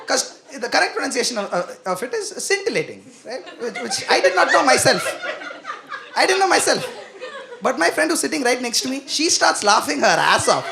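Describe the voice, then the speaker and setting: A young man performing a stand-up comedy set, animated and self-mocking as he talks to the crowd. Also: very high voice, brisk, vocal fry, very noisy. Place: comedy venue with live audience.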